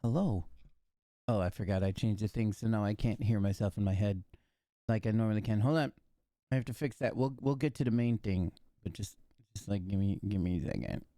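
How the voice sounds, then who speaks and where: Rambling male streamer with a mellow voice. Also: fairly low pitch, fairly quick, dry recording, clean studio sound. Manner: rambling, talks to himself. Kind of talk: casual live game stream chatter.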